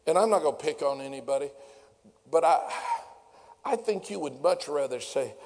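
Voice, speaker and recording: A man's voice: on the high side, animated, normal speed, a little mellow. A man preaching a sermon as pastor, folksy and down-home, building to fervent preaching. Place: church sanctuary. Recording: long hall reverb.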